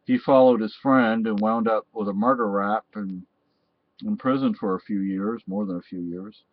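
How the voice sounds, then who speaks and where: A man's voice: on the low side, moderate pace, no echo. A man from Texas, talking in a rambling personal monologue that often restarts and repeats phrases. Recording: dull, dry lo-fi recording.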